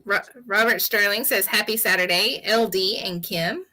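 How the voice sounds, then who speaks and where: A woman co-hosts a casual livestream. Her voice is bright and clear, and she giggles as she reads out comments from viewers. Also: medium pitch, normal speed. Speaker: co-host reading comments.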